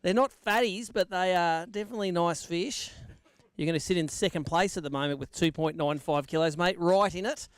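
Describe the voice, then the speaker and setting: A man's voice: high-pitched, brisk, clean tone, dry recording. An Australian man acting as MC at an outdoor fishing weigh-in, giving live commentary and bantering with the anglers.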